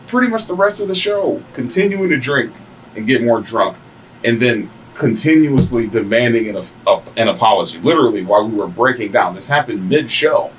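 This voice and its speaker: Crude, animated male podcast host. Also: mid-range voice, a little hiss or hum, low-quality recording. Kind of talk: casual profane storytelling.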